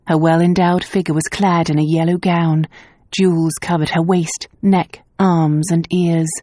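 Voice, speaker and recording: Audiobook narrator, woman, mellow lowish voice, measured even read. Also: dry recording, studio quality. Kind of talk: scripted narration.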